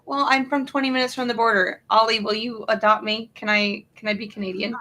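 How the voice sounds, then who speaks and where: A woman's voice: a little high, fairly even intonation, a little fast, bright, forceful tone. A woman chatting playfully and telling a travel story. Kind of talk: casual chat.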